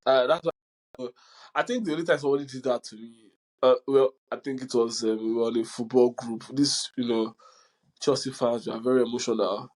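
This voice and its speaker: A young podcast host chats casually, telling stories with animation and laughing often. His mid-range voice moves a little fast, and the audio quality is poor.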